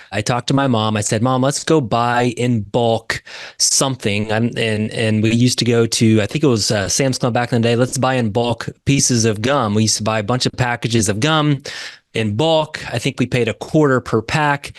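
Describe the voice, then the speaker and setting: A man's voice: mid-range voice, no echo, studio quality. A man from Indiana, a real estate investor, telling his story as a podcast guest in an earnest way. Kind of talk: podcast interview.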